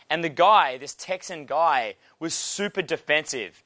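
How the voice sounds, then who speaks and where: Australian male coach, young, brash and profane, bright forceful tone, slightly high voice. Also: unhurried, dry recording, studio quality. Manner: brash, swearing, animated storytelling. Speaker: dating coach. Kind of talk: casual instructional talk.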